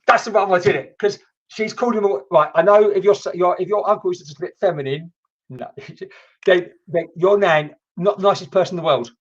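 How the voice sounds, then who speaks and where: A husky-voiced woman gives a mediumship reading on a live stream, chatty and excitable with casual swearing. Her voice comes through a dull, lo-fi computer mic. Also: lowish voice, brisk. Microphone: computer mic on a video stream.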